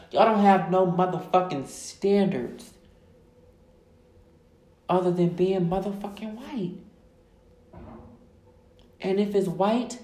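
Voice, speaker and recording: A woman podcast host, ranting loudly and emphatically, full of profanity, with words drawn out for stress. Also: on the low side. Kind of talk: profane casual rant. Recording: echoey room.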